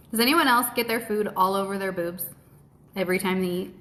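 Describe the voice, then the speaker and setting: A woman with a bright-ish, mid-range voice hosts a live keto Q&A stream from home, talking briskly. Blunt, cheerful and heavily profane, she chats casually and answers viewer questions while eating, talking with her mouth full.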